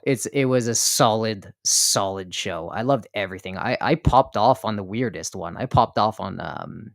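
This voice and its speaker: A man joining a live stream as a guest, excitable and hyped, talking casually. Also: lowish voice, moderate pace, creaky, few pauses, no echo, studio quality. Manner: excitable, hype, laughing bursts. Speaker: guest content creator.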